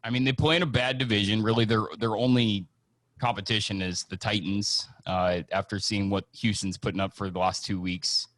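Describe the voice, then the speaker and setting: A man hosting a casual sports podcast, chatty and excitable as he leads the talk. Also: fairly low pitch, moderate pace, no room sound. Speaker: host.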